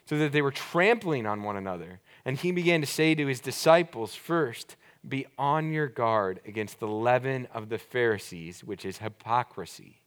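A man preaching a sermon as pastor, earnest and explanatory, slowing down to stress key words and dropping his voice low for emphasis. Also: lively intonation, a bit bright, smooth.

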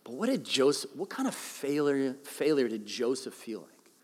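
A man's voice: mid-range voice, very animated, moderate pace. A middle-aged man giving a sermon as pastor, conversational and joking. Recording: long hall reverb.

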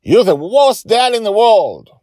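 Brief: a man playing a proud little pirate girl, high and insistent, bold bursts, bright storybook energy. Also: huge pitch swings, slow, no room sound, studio quality, heavily acted. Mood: hurt, angry. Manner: high, emphatic outbursts. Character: spirited young pirate girl, proud and fierce.

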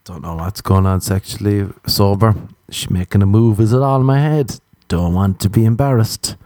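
A man's voice: moderate pace, mellow, no room sound, studio quality. A young Irish man telling self-deprecating comic stories in a casual monologue. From Ireland. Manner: self-deprecating, jumps into silly high voices for quotes.

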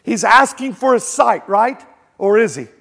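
A man preaching a conversational sermon as pastor, telling a story and rising to shouted quotes. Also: extremely high pitch, lively intonation, measured pace, creaky. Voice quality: blind in one eye.

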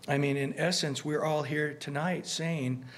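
A man gives an earnest, conversational sermon in a somewhat high voice. He is animated and keeps restarting his phrases as he talks. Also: a little slow, a little hiss or hum. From United States. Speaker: pastor.

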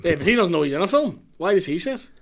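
Young northern irish guy, fairly high voice, blunt and sweary, arguing on a podcast. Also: very animated, racing. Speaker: podcast guest. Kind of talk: casual banter.

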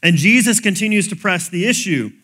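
Bright-voiced male preacher. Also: high voice, expressive, brisk. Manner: conversational preaching, plain everyday phrasing. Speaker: pastor. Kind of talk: sermon.

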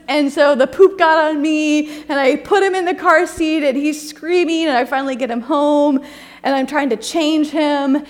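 A young woman delivers a sermon in a loose, conversational storytelling style. She drifts through personal anecdotes with plenty of "um"s and restarts before easing into scripture. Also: mid-range voice. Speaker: preacher.

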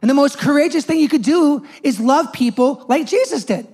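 A man's voice: extremely high pitch, lively intonation, normal speed, a little mellow. A man in his thirties, a youth pastor, preaching a sermon in a conversational, joking storytelling way.

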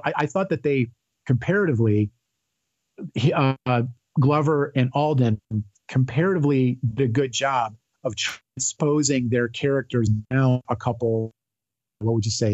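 A man's voice: mid-range voice, a little mellow, dry recording. Man, podcast guest, rambling fan talk, lo-fi dry recording. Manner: rambling, enthusiastic, many fillers and restarts. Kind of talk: casual chat.

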